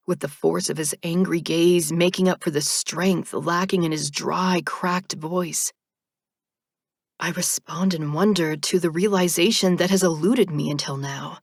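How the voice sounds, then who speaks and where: A woman narrates an audiobook in the first person, speaking slowly in a husky, fairly low, slightly mellow voice. The recording is dry and studio-clean.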